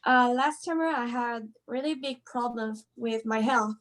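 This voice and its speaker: Bright high-pitched woman telling a cheerful story on a video call, laughs a lot. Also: measured pace. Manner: cheerful, laughing often, animated. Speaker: caller sharing a story. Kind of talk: casual storytelling.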